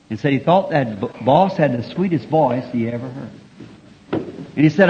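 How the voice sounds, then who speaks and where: A man preaching a sermon at a church meeting, telling folksy stories with repeated refrains and building to fervent shouts, heard on a dull lo-fi early 1960s tape. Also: mid-range voice, normal speed, a little hiss or hum.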